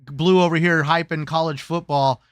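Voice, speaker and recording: A man hosts a casual gaming talk show in a smooth, resonant voice that sits a little high for a man. He jokes a lot and keeps the talk lively, slipping into silly voices now and then. The sound is dry and close. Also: moderate pace, no echo. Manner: lively, joking, slips into silly put-on voices. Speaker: host.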